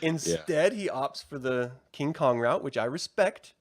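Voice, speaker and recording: A man co-hosting a casual review podcast, talking in an animated, profane way and acting out characters' lines. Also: a little high, a little slow, vocal fry. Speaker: podcast co-host.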